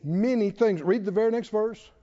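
A man's voice: high voice, normal speed, mellow, muffled recording. A man preaching a sermon, drawing call-and-response replies from his congregation. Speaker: pastor.

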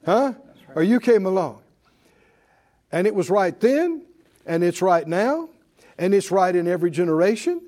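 A man's voice: sits high, very animated, normal speed, pauses often, a little mellow. A man preaching a sermon to a congregation, calling out questions and repeating key phrases for emphasis. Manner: call-and-response preaching, emphatic repetition. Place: church with congregation.

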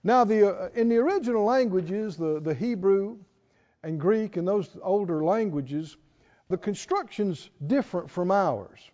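A man preaching a sermon, folksy and emphatic, drawing out scripture quotes slowly and asking his listeners questions. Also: sits high, warm tone. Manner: folksy, asks the audience questions. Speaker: pastor. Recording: dull lo-fi recording in a reverberant hall.

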